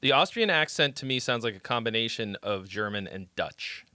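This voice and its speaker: A man's voice: mid-range voice, animated, moderate pace, sharp tone, slight background noise. A man hosting a live stream where he critiques fans' songs, chatting loosely, swearing and reacting on the fly. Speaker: livestream host critiquing fan songs. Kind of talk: casual live-stream chat.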